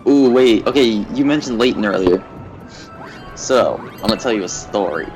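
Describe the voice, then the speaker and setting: A young man on a gaming livestream, telling a rambling, animated story and laughing at it. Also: lowish voice, normal speed, faint music behind, rough recording. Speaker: gaming streamer. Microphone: desk mic at a facecam setup.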